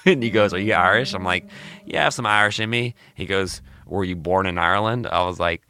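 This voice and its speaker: A young man from Mississippi telling stories in a relaxed chat, saying "dude" often and laughing between lines. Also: deep voice, moderate pace. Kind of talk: casual storytelling chat.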